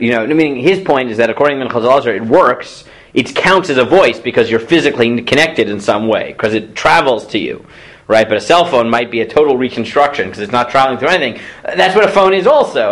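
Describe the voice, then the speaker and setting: Lively male rabbi teaching a class. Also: mid-range voice. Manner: reads Hebrew sources aloud then explains them in English, asks the class questions. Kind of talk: lecture on Jewish law.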